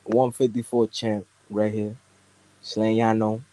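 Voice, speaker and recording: Mellow teenage New York guy. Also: medium pitch, moderate pace, no room sound. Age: teens. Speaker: guest caller, amateur boxer. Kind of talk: casual chat.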